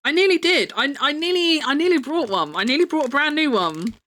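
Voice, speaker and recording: A woman's voice: sits high, lively intonation, brisk, a bit bright. A young woman chatting casually on her live stream, rambling and laughing often.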